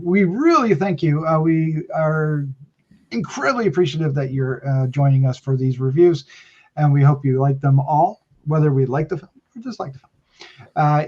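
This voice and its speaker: A man hosts a horror review podcast in casual chat. He is upbeat and teasing and nudges his co-hosts along. His voice sits a little high, and the recording sounds dull and lo-fi. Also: a little mellow. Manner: upbeat, teasing, self-correcting. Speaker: podcast host.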